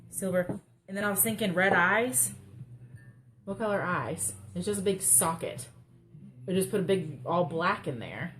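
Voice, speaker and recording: A young woman, rambling and joking through a casual live craft chat. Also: fairly low pitch. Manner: rambling, chatty, self-mocking humor. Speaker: craft livestream host. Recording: faint background noise.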